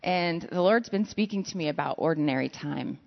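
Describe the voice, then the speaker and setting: Woman preacher, conversational sermon, self-deprecating asides, low voice, long reverb. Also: a little fast, creaky. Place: church sanctuary. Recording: lo-fi sound in a reverberant hall.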